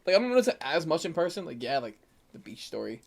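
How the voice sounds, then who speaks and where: A man co-hosting a podcast in casual chat, teasing his friend with quick questions and reactions. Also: on the high side, very animated, vocal fry. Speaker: podcast co-host. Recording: faint background noise.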